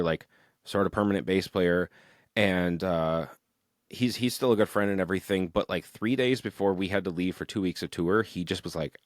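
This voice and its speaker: A young man with a very low voice tells long, rambling stories about his band in a casual podcast chat. He talks animatedly and swears often. The sound is dry and close, with no room echo. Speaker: musician guest.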